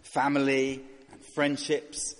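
A man's voice: medium pitch, monotone, takes it slowly, in a large hall. A man preaching a sermon in a conversational way, asking rhetorical questions and voicing characters.

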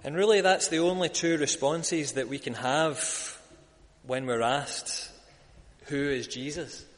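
A man preaching a sermon, building to loud, emphatic peaks when he quotes a crowd. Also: on the high side, slow pace, in a large hall. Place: church.

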